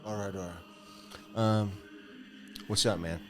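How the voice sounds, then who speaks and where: A man's voice: medium pitch, big pitch swings, a bit bright, faint music behind. A man co-hosting a podcast, joking around and laughing often as he plays along in casual banter. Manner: jokey, laughs often, quick to play along. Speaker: podcast co-host.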